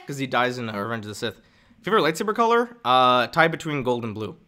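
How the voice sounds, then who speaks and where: Young man, casual live-stream chat, animated, laughs a lot, bright tone, lively pitch. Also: fast.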